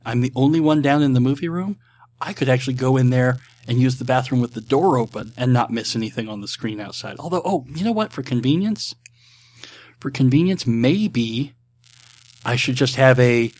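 A Texas podcast host answers listener questions in a casual, rambling solo chat into a desk microphone, full of ums, asides and quick self-deprecating jokes. His voice sits at an ordinary middle pitch for a man, and there's no room sound.

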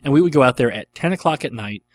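A man's voice: mid-range voice, animated, fast, dry recording. Rambling middle-aged man with dry sound. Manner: rambling and enthusiastic, with frequent fillers. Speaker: podcast host answering listener questions. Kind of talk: casual chat.

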